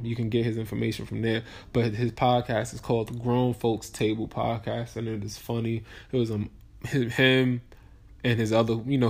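A man's voice: medium pitch, creaky. Tired, rambling New man podcasting. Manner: rambling and slangy, with many restarts and shout-outs. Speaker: podcast host. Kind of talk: casual solo podcast monologue.

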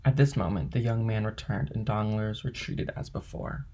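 A man narrating a classic novel as an audiobook, with a gravelly, husky voice. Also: lowish voice, moderate pace, warm tone.

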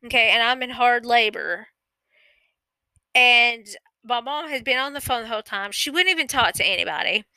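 A woman's voice: fairly high pitch, expressive, moderate pace, bright, forceful tone, clean tone, no room sound, poor audio. A woman telling a true personal story in a casual, rambling way, often stopping to correct herself and swearing freely.

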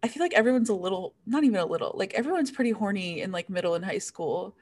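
A woman's voice: mid-range voice, animated, fast, a little mellow. A young woman co-hosting a podcast, speaking frankly and hesitantly in casual chat. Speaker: podcast co-host.

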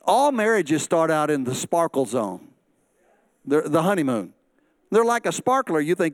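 A pastor preaching with a high, bright-pitched man's voice, close and dry with no room around it. He is middle-aged and breaks into quick acted quotes and humorous asides. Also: big pitch swings, dry recording. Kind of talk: sermon.

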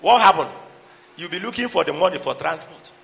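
A middle-aged man preaching a sermon, calling out to the congregation and shouting for emphasis. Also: fairly high pitch, animated, a little fast, vocal fry, a little hiss or hum. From Nigeria. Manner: preaching with call-and-response, breaking into song and shouts. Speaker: pastor. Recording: long hall reverb.

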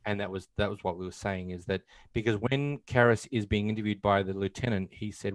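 A man's voice: lowish voice, brisk, few pauses, dry recording. A man co-hosting a casual film discussion, retelling scenes and acting out lines, with many fillers. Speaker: podcast co-host.

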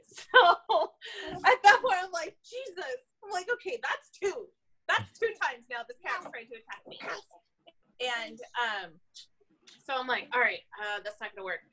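A woman police officer telling a story in casual chat, animated, laughing often and acting out what people said. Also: high-pitched, measured pace, pauses often.

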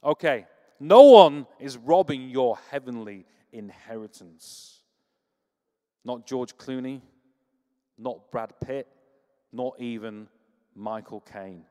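A man preaching a sermon, telling stories with humor and lively energy. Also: medium pitch, takes it slowly, pauses often, long reverb tail. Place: church.

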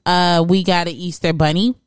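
A woman in her thirties chats and jokes with an easy, quick-to-laugh manner. Her voice is low-pitched and smooth, recorded dry and close. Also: steady tone, no room sound. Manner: chatty, joking, quick to laugh. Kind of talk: casual chat.

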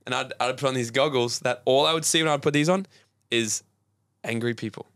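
A man, a personal development coach telling animated stories as a podcast guest. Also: mid-range voice, fairly quick, no echo. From Australia. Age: 20s. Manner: energetic, animated storytelling with acted-out voices. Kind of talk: casual podcast interview.

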